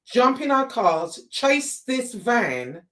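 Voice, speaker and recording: Animated woman telling a story, off-mic. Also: a little high, slow, distant mic. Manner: animated, exasperated retelling with quoted dialogue and swearing. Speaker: vlogger. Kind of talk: casual storytelling to camera.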